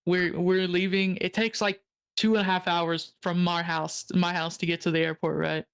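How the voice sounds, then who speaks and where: A man's voice: high-pitched, little pitch movement, moderate pace, creaky, fairly bright tone, smooth. A young man telling a story animatedly in casual chat, swearing freely along the way. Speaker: guest.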